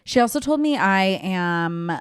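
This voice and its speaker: A woman's voice: medium pitch, expressive, unhurried, clear, resonant tone, no room sound, studio quality. A young woman hosting her own podcast, telling stories in a loose, chatty way full of "like" and "um". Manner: chatty storytelling, many fillers like "like" and "um". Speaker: podcast host. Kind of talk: casual solo podcast chat.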